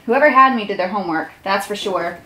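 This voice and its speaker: A woman's voice: medium pitch, a little fast, pushed and bright. A young woman vlogger unboxing gifts, gushing with squealing exclamations. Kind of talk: unboxing vlog.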